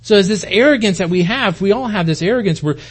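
Speaking fast and expressively, this American pastor in his forties has a high voice with a breathy edge. His sermon to the congregation in a church hall is chatty and folksy, peppered with rhetorical questions.

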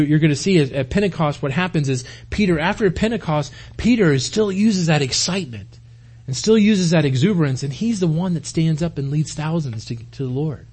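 A man's voice: a little high, a little mellow, husky. A man preaching a sermon in an earnest way, often repeating words as he starts a phrase. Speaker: pastor.

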